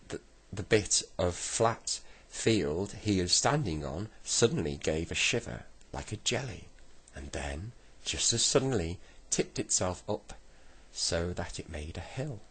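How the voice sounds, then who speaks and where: A man reading a children's storybook aloud slowly and gently. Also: low-pitched, expressive, breathy edge. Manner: slow, gentle storybook reading with voiced characters. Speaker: reader.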